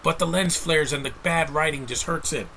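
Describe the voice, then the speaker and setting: A man's voice: a little high, moderate pace, vocal fry, sharp tone, a little hiss or hum, poor audio. A man giving a casual, rambling movie review rant, blunt and exasperated, with frequent restarts.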